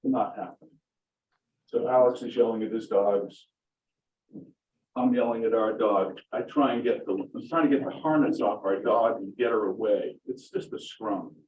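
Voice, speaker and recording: A middle-aged man gives public comment at a town board meeting, speaking emphatically and indignantly and repeating his points for stress. His voice is fairly low and his pace moderate. The audio is dull, with a roomy, distant meeting-room sound.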